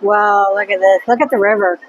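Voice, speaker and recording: A woman's voice: medium pitch, fairly even intonation, brisk, a little hiss or hum, poor audio. A woman in casual vlog chat at an indoor museum exhibit, eagerly pointing out small details. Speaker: vlog co-host.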